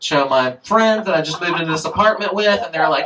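On the high side, bright and forceful, this man talks at a quick pace with lively intonation and few pauses. He's an author at an indoor live reading telling a story from memory, casual, rambling, profane and full of fillers, recorded from far off.

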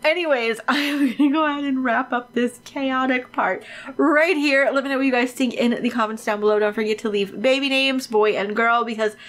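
A woman giving casual, excitable gameplay commentary on her own let's play, chatty and swearing freely. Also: high-pitched, fairly quick.

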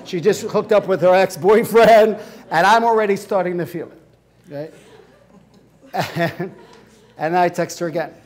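A man teaching a class in an animated way, acting out scenes and laughing often. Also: sits high, a little slow, pauses often. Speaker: hypnotherapy instructor. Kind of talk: lecture with acted-out examples.

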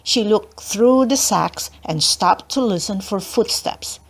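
Slow, expressive woman reading a storybook. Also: medium pitch. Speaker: storybook reader. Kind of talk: children's book read-aloud.

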